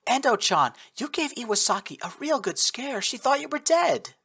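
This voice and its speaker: A man's voice: extremely high pitch, sing-song, normal speed, gravelly, pushed and bright, husky, pitched above the performer's own voice, full character voice. A man doing a bubbly young woman soldier. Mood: excited. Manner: eager, bubbly. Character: excitable young female Japanese soldier.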